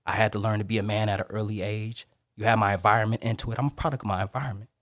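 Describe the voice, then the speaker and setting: A young man from Detroit, a Marine and motivational speaker, telling his story as a podcast guest in a lively, acted-out way. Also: on the low side, very fast, no room sound, clean studio sound. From Detroit, Michigan. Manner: animated storyteller who acts out quoted voices.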